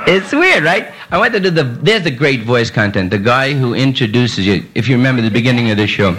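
A man's voice: medium pitch, big pitch swings, moderate pace. A man doing a live stand-up set on a nightclub stage, rambling and improvising banter with the audience. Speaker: stand-up comedian. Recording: hissy old live tape.

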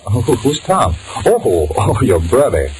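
A man's voice: medium pitch, sing-song, unhurried. A man playing an anxious two-timing young man in an old radio drama, muttering nervous thoughts and stammering. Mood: flustered. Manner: nervous inner monologue, flustered stammering. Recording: noisy old radio recording.

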